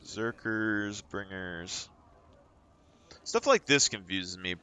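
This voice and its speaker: A man's voice: fairly low pitch, slow, pushed and bright, smooth. A male streamer chatting casually during a live gaming stream, rambling and thinking aloud.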